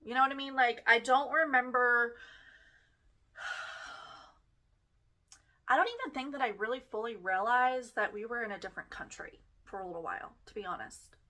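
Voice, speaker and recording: Bright-voiced woman musing on her past. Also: fairly high pitch, normal speed, long pauses. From Germany. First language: German. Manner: reflective, hesitant, frequent fillers and self-corrections. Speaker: podcast host. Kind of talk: casual personal storytelling.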